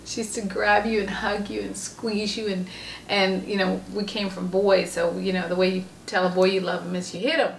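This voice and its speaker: Woman, casual family storytelling, animated, off-mic, roomy echo, music behind. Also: normal speed, creaky, recorded from a distance, slight background noise. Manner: animated, acts out quotes in a high voice. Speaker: family member telling stories.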